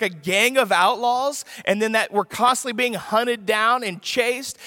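A man's voice: very high voice, bright, forceful tone, dry recording, studio quality, long reverb tail. A man acting out an exasperated male disciple, a weary outlaw on the run, firing off incredulous questions in a sermon retelling. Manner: incredulous, rapid rhetorical questions.

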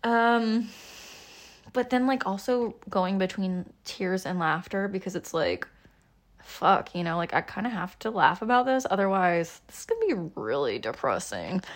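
A woman hosts her own podcast alone, sounding frustrated and near tears. She rambles, fills gaps with ums and mocks herself. Her voice sits at an ordinary pitch and is picked up by an iPhone. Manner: rambling, self-deprecating, many ums and laughs. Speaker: podcast host. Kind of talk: casual solo podcast chat.

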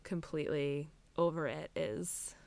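A woman's voice: low voice, unhurried, vocal fry. A woman co-hosting a podcast, talking candidly in a casual chat and scattering "like" and "I mean" through her sentences. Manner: candid and animated, frequent "like" and "I mean". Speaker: podcast co-host.

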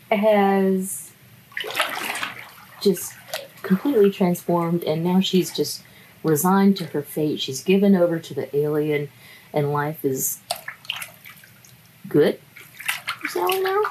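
Low, slow-talking woman chatting wryly. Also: animated, noisy background. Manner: chatty, wry, laughs often. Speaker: book reviewer. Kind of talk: casual book review chat.

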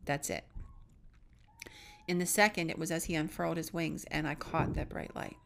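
A middle-aged woman with a low-set, gravelly voice full of vocal fry tells a personal story. She speaks earnestly, often sinking to a hushed tone at the tense moments. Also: moderate pace, slight background noise. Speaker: podcast co-host.

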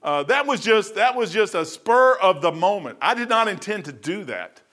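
Animated folksy preacher, high bright voice. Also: male voice, normal speed. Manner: animated storytelling, swings from loud to hushed; folksy, says "man" often. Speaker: pastor. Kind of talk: sermon. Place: church.

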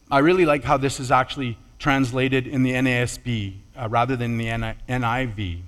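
Male preacher, measured sermon delivery, mid pitch, long hall reverb. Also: a bit bright.

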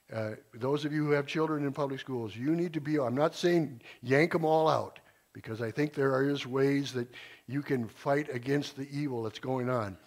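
Earnest older man preaching informally. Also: mid-range voice. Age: 60s. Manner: earnest, rambling with restarts. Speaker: retired teacher speaking at church. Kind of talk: informal sermon talk.

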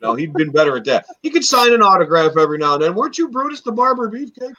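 A man in his forties talks animatedly in a casual podcast chat, swearing now and then and acting out little scenes. His voice sits a little high, and the recording sounds dull and lo-fi. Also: fast, a crowd in the background. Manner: animated, swears freely, acts out quoted wrestlers. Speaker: podcast co-host.

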